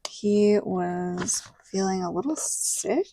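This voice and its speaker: A woman's voice: medium pitch, takes it slowly, creaky, background noise. A woman in her thirties with a Southern American accent, chatting casually and telling a story while decorating her planner, full of quoted dialogue. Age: 30s. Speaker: planner vlogger.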